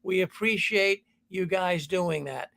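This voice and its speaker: A man's voice: sits high, takes it slowly, gravelly, fairly bright tone. A man hosting a call-in show, rambling and repeating himself. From Boston. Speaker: host.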